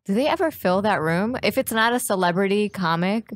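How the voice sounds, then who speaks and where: A woman's voice: mid-range voice, lively intonation, fairly quick, no room sound. A woman co-hosting a comedy podcast, chatty and explaining things at length. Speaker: podcast co-host. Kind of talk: casual comedy podcast chat.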